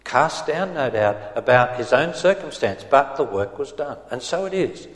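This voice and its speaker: Guy giving a sermon, earnest and gentle, big echoey church hall with long reverb. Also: medium pitch, animated, moderate pace. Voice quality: gentle, earnest, reading scripture in old English. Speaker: preacher. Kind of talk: expository sermon.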